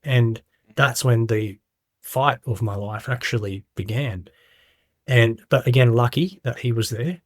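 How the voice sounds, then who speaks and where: A man's voice: mid-range voice, a little slow, dry recording, studio quality. A middle-aged man candidly recounting his story in a casual interview, acting out quoted voices as he goes. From Australia. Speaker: guest.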